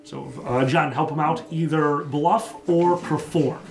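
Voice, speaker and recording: Echoey game master, slightly high voice. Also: male voice, fairly even intonation, gravelly, faint music behind. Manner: slows down for vivid descriptive narration. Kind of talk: narrating a tabletop game.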